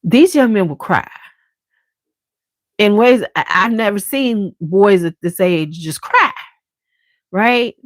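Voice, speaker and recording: A woman's voice: medium pitch, slow, long pauses, no room sound. Casting: middle-aged woman vlogger, blunt and salty storyteller, close dry sound. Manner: blunt, profane, animated storyteller. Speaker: vlogger and school staff member. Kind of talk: casual storytelling chat.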